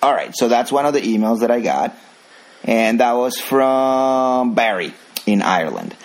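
A man with a husky, breathy voice and mid-range pitch hosts a casual podcast chat. He rambles with frequent restarts and voices strong opinions. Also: poor audio. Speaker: podcast host.

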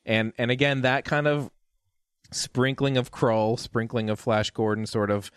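A man casually reviewing a film with a friend, animated, laughing often and swearing. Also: mid-range voice, measured pace, clean tone, no room sound, clean studio sound. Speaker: podcast co-host. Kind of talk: casual movie review chat.

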